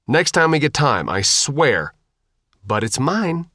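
A man's voice: mid-range voice, sing-song, slow, bright, forceful tone, no echo, clean studio sound, pitched above the performer's own voice, exaggerated voice. A man reading the part of a young woman boat captain, firm and commanding. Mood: bossy.

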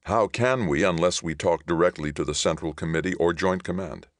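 An earnest, steady middle-aged governor, as a male reader voices him. He speaks in a measured way in a very deep, gravelly voice. The recording is close and dry. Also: no room sound.

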